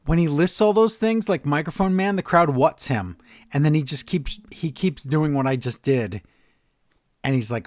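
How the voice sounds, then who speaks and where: A man's voice: on the high side, moderate pace, dry recording. A man co-hosting a wrestling podcast, ranting in an exasperated, sarcastic way in casual chat. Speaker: podcast co-host.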